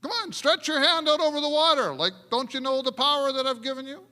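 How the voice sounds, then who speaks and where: A man's voice: very high-pitched, fast talker, sharp tone, long reverb tail, pitched above the performer's own voice. A man voicing an exasperated God who speaks in a raised, pushy and incredulous way.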